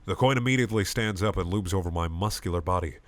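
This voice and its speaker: A man reading a comedic parody story aloud with lively comic narration. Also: deep voice, fast. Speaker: reader.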